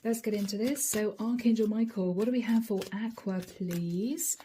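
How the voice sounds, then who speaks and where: A hoarse woman giving a channeled tarot reading, musing aloud and speaking straight to viewers by star-sign nickname. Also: medium pitch, steady tone, moderate pace, warm tone, a little hiss or hum. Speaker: tarot reader.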